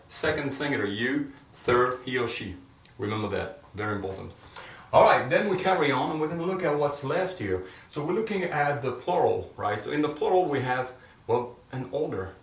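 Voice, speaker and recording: A man's voice: medium pitch, fairly bright tone. Guy teaching a class, keeps asking right? okay?, sounds a bit far off in a roomy classroom. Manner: explains step by step, checks in with "right?" and "okay?". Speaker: Spanish teacher. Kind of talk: classroom grammar lesson. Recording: echoey room, mic at a distance.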